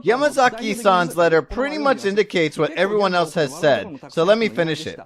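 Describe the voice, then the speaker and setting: Guy with a high voice giving a chatty online lecture, asks his viewers questions. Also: very animated, brisk, crowd noise. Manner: chatty, quizzes the audience.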